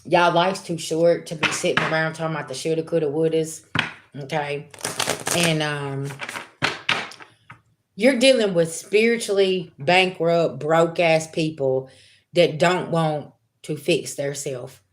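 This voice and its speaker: A woman's voice: deep voice, measured pace, noisy background. A woman giving a blunt, profane spiritual reading to her viewers in casual talk. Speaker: spiritual reader.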